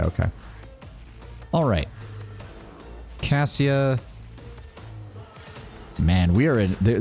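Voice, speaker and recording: A man's voice: deep voice, darkish tone. A man streaming a game live, casually thinking aloud and reacting with surprise as he plays. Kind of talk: live gameplay commentary.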